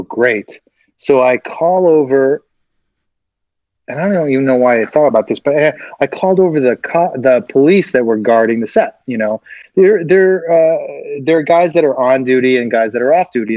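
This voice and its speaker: A man, a guest actor, telling an animated anecdote and acting out the voices of the people in it, laughing often. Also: medium pitch, no room sound, highs cut off.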